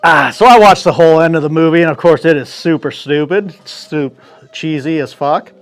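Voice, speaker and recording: Profane, animated male storyteller. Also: fairly high pitch, normal speed, faint music behind. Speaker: podcast host. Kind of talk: casual solo storytelling.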